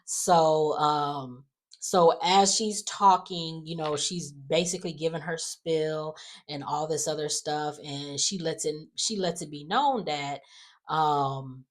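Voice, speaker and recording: A woman's voice: sits low, slow. A woman casually recapping soap opera episodes, chatty and full of fillers, acting out quotes. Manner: chatty, many fillers and restarts, acts out quotes.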